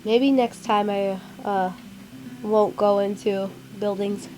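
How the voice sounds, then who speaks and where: A woman's voice: mid-range voice, fairly even intonation, slow pace, darkish tone, slight background noise, poor audio. A woman playing a story game, reading its text aloud with casual asides. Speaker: gaming channel host. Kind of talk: narrated game let's play.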